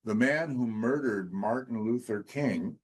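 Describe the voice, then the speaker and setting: A man's voice: mid-range voice, unhurried. A man on a comedy panel telling a long anecdote in a chatty, storytelling way. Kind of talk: comic storytelling.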